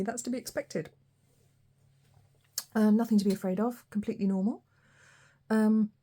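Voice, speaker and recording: A woman giving a collective tarot reading, talking in a reflective, unhurried way with frequent ums and pauses. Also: mid-range voice, warm tone, slightly rough. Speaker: tarot reader.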